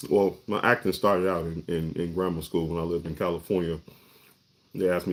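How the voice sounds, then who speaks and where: Brief: deep-voiced middle-aged male actor, casual monologue, lots of restarts. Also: steady tone, normal speed. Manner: conversational, restarts and repeats words often.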